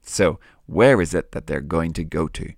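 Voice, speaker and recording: A man hosting a children's Bible podcast, speaking gently and explaining things for young listeners. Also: very deep voice, moderate pace, gravelly, no room sound, studio quality. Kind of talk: friendly scripted chat.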